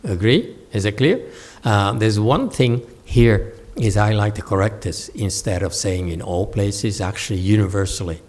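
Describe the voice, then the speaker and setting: A man giving a Buddhist Dharma lecture, halting with fillers, often checking that listeners follow and teasing them now and then. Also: lowish voice, darkish tone. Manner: slow, halting with many fillers, asks listeners to confirm; playful teasing asides to the audience. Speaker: Buddhist teacher. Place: meditation center hall.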